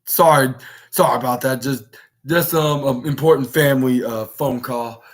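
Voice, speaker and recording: A man's voice: mid-range voice, moderate pace. A male podcast host giving a casual, rambling wrestling recap that often stops to correct itself.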